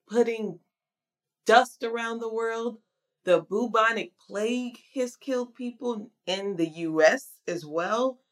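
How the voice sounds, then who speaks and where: A woman preaching a sermon in a conversational, emphatic way. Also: mid-range voice.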